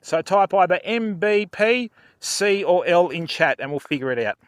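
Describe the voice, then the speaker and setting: In a dry, clean recording, a high-pitched older man from Australia speaks at a moderate pace while running a fishing livestream. He keeps things casual and jokey, laughs often and talks to chatters by name.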